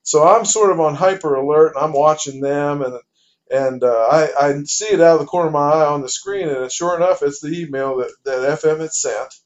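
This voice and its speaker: A man telling a casual spoken anecdote in a lively way, playing out each exchange as he goes. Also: on the high side, fairly quick. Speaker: storyteller. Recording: dull lo-fi recording.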